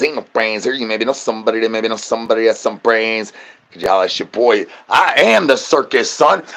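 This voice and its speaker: Husky-voiced guy rambling crude jokes at his viewers, slangy and goofy, mid-pitched. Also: a bit bright. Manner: crude, slangy, joking patter with playful repeated catchphrases. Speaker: comedic streamer host. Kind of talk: rambling absurd comedy monologue.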